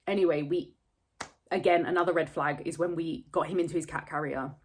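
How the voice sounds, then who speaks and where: A woman's voice: sits low, steady tone, a little fast, a little hiss or hum. A woman, telling a personal story to camera close to tears, candid and rambling, swearing freely. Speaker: vlogger.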